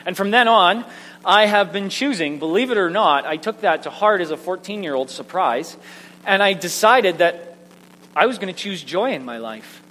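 Man, pastor, sermon, animated storyteller, echoey hall, faint hum. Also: high voice, moderate pace. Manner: storytelling, animated and self-mocking. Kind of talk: sermon with personal stories.

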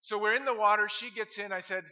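A middle-aged man who is a pastor, telling funny stories from the pulpit in an animated way and laughing at his own tales. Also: high-pitched, quick pace. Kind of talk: humorous sermon storytelling. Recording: dull lo-fi sound.

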